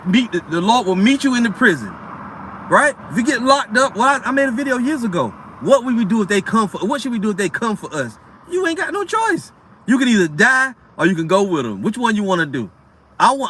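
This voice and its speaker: A man's voice: sits high, bright, forceful tone. A man teaching scripture informally, reading verses and lecturing bluntly with rhetorical questions and street slang. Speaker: street preacher.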